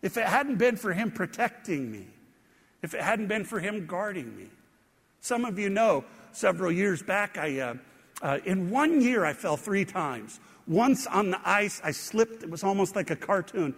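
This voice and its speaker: A man's voice: high-pitched, lively intonation, normal speed, creaky, a bit bright, slightly rough, long reverb tail. A man preaching a sermon, telling stories about his own falls with self-deprecating humor. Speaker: pastor.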